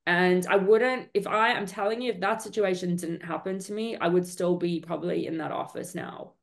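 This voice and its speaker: Earnest woman guest sharing her story, a touch low-pitched, lots of "like"s. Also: steady tone, normal speed. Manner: earnest, talkative, with many fillers. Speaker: entrepreneur guest. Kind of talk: candid storytelling interview.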